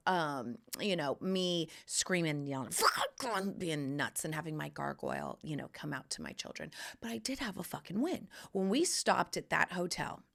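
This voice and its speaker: Gravelly-voiced woman podcast host, candid and profane. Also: on the low side. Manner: candid, profane, animated storytelling. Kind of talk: casual solo podcast chat.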